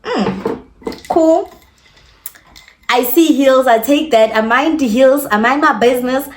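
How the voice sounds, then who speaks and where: Young South African woman, storytime vlogger, animated and chatty, slightly high voice. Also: slow pace. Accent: South African, mixing in Setswana. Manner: animated, chatty, code-switching, addresses viewers directly. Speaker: YouTuber. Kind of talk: storytime vlog.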